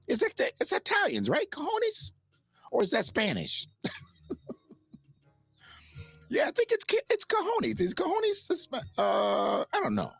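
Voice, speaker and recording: A man's voice: mid-range voice, vocal fry, a bit bright, slightly rough, no echo. A man hosting a livestream in casual commentary, rambling and swearing, laughing often and reading out chat messages. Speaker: livestream host.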